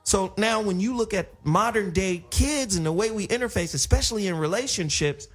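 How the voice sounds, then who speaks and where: A man's voice: sits high, normal speed, breathy edge, faint music behind. A middle-aged man hosting a casual panel chat, lecturing with emphasis and laughing at his own points. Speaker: host.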